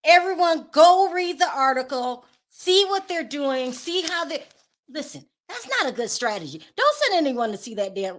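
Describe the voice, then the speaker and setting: A woman with a slightly high voice talks straight to her audience in casual gossip commentary. She is sassy and sarcastic and keeps breaking into laughter at her own jabs. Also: a bit bright. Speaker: commentary vlogger.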